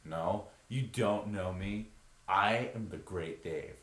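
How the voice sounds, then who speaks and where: A man's voice: lowish voice, fairly bright tone. A man putting on a laid-back California stoner voice to play a mock-profound guru figure. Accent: put-on California stoner voice. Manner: slow, drawling, mock-profound. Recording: roomy echo.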